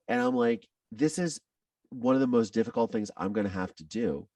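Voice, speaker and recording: A man in his thirties as a podcast guest, telling a personal story earnestly, his voice dropping low when he is moved. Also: moderate pace, a little mellow, dry recording, far from the mic.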